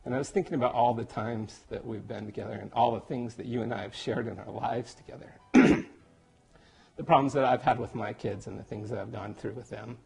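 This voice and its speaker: A man recording a heartfelt, halting birthday message to his best friend, getting emotional and joking at himself. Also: medium pitch, steady tone, vocal fry, a little mellow, breathy edge. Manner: emotional, halting, self-deprecating. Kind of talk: personal video message. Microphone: camera.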